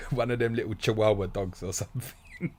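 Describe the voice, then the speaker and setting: A man's voice: lowish voice, a little mellow. An English man in his young adult years, hosting a casual fantasy football live stream, reading out viewer questions and answering them bluntly, swearing casually and calling people mate.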